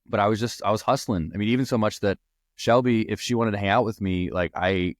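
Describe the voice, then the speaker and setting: A man's voice: lowish voice, fairly quick, no echo, clean studio sound. A young man hosting a podcast, earnestly telling personal stories in a rambling way with restarts. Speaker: podcast host. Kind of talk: personal storytelling.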